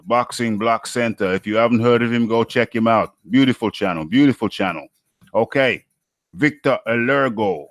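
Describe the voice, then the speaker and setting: A man's voice: medium pitch, no room sound. Chatty man hosting a live stream. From United Kingdom. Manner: repeats his phrases, chatty and upbeat. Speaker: host of a live boxing talk show. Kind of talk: live-stream chat, reading viewer comments aloud.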